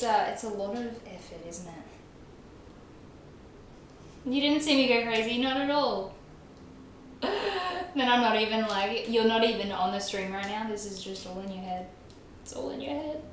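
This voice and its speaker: A young woman talks briskly in a medium-pitched voice while livestreaming a game, reading chat and replying casually. She often laughs and makes fun of herself, and her very echoey room carries faint noise.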